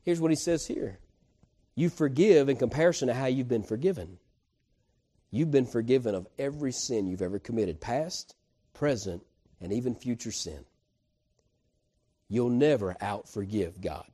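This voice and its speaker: Folksy preacher with mellow voice. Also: male voice, mid-range voice, normal speed, pauses often. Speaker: pastor. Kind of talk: sermon.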